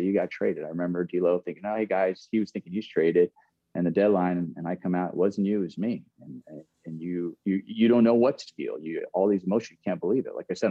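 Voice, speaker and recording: A man's voice: deep voice, slightly rough, dry recording, lo-fi sound. An earnest man in middle age, a former pro ball player telling a candid story, often repeating and restarting his phrases.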